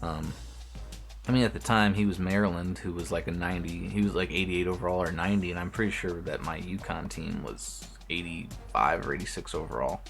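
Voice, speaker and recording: A young man with a deep, low voice talks his way through a football video game, thinking aloud, cursing and breaking off mid-sentence. Faint music plays quietly behind him. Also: a little fast, gravelly. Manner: talks to himself while playing, swears often, restarts sentences. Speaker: streamer. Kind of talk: casual gameplay commentary.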